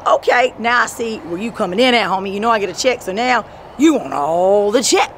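A woman telling rambling, profane stories in a street interview, breaking into shouts. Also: on the low side, brisk. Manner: profane, animated storytelling with sudden shouts. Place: outdoors on a city street. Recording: street noise and passing traffic.

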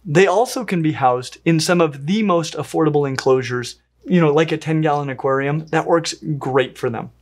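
An enthusiastic pet channel host reviews a pet invertebrate in a casual vlog. The delivery is playful, with lively swings in pitch. The host talks fondly to the animal while handling it. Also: moderate pace.

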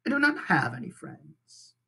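A teacher reading aloud and voicing a calm, polite female robot who speaks in flat, formal, measured sentences. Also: mid-range voice, creaky, husky, heavily acted.

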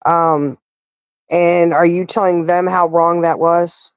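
Woman host, low voice, dry sound, indignant ranting delivery. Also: little pitch movement, slow pace, clear, resonant tone, no room sound, lo-fi sound. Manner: indignant, ranting, rhetorical questions. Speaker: live stream host. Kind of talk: casual live-stream talk.

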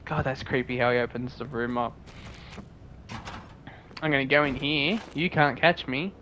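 A man giving jokey, swearing let's play commentary and reacting loudly to scares. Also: mid-range voice, fairly even intonation, moderate pace, a little hiss or hum. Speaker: gaming video creator.

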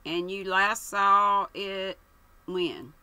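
A woman's voice: mid-range voice, extremely slow, bright, forceful tone, smooth, no room sound, pitched above the performer's own voice, heavily acted. A woman voicing a curt, impatient older police colonel who speaks sharply, reading an audiobook.

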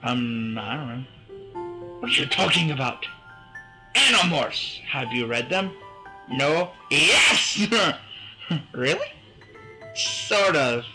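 A young man in his teens giving goofy, excitable let's play commentary, humming along to the game music. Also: on the high side, slow, long pauses, poor audio. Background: faint game music.

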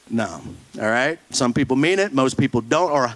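A man's voice: medium pitch, animated, normal speed, few pauses, fairly bright tone, rough recording. A man preaching a sermon in a blunt, folksy way, mocking churchy phrases with put-on voices. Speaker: pastor.

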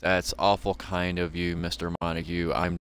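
A man reading aloud the lines of a gentle, frightened young mother from a game, with courteous, old-fashioned phrasing. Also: deep voice, level tone, normal speed, a little hiss or hum. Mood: worried.

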